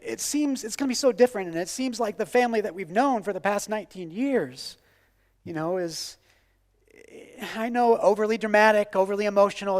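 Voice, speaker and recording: A man in his forties preaching a sermon with passion, repeating phrases and swinging from loud declarations to hushed, quiet lines. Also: sits high, big-room sound. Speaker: pastor.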